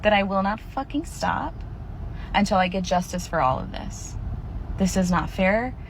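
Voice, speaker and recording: A woman's voice: mid-range voice, lively intonation, normal speed, low-quality recording. A woman venting to the camera in a bitter, profane emotional monologue, recorded with noise and passing vehicles behind her. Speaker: person venting in a video clip.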